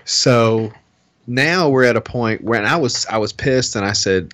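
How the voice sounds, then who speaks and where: A man's voice: mid-range voice, unhurried, fairly bright tone, dry recording. A man on a podcast telling a heated, profane story in casual chat and acting out what people said. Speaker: podcast co-host.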